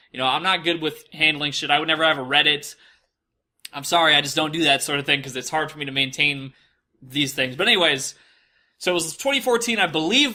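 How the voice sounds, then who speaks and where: A man's voice: a little high, bright, forceful tone. A young man telling a personal story in a casual monologue, rambling with lots of fillers and frequent swearing.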